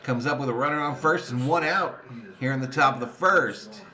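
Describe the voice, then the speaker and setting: Bright-voiced man calling a live fan watch party. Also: moderate pace. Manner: reads viewer comments aloud between excited pitch calls. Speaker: sports fan streamer and watch-party host. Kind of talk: live fan play-by-play with chat reading.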